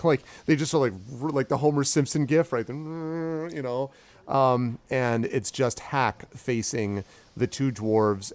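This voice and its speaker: A man's voice: on the low side, a little mellow. A man narrating as dungeon master for a tabletop game, enthusiastic and rambling.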